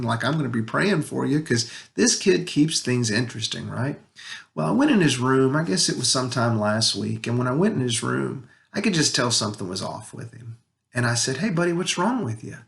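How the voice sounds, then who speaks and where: A man sharing a heartfelt personal story about his son and his faith, talking earnestly with pauses and restarts, at times emotional. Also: mid-range voice, vocal fry. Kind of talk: personal spiritual reflection to camera.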